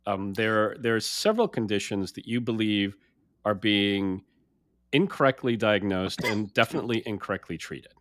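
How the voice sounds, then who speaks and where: A male podcast host asks clear, measured questions. His voice sits on the low side, and the recording is dry and close. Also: fairly bright tone, no echo. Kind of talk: interview questions.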